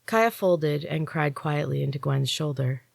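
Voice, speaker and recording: Woman storyteller, low voice, measured expressive audiobook narration, dry recording. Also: vocal fry, dry recording. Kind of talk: audiobook reading.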